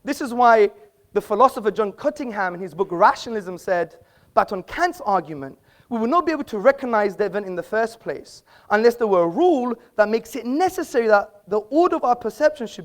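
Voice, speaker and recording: A man making an assertive speech in a live public debate in an auditorium, quipping at the audience and quoting from books. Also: sits high. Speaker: debate speaker.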